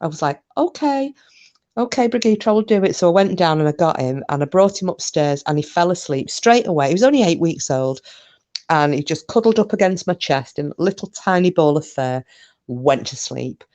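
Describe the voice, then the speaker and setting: A woman's voice: low voice, normal speed, a little mellow. A woman chatting casually on a live stream, rambling through stories, answering comments and swearing mildly.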